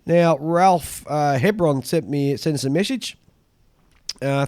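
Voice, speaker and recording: A man's voice: a little high, slow, darkish tone, smooth, dry recording. Australian male podcast co-host, chatty mail reader, dry close-miked sound. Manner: chatty, reads letters aloud with dry asides. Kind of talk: casual chat.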